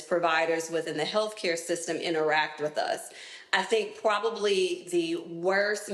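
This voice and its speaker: A woman interviewed as a health expert, answering in a clear, deliberate, explanatory way. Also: lowish voice, echoey room.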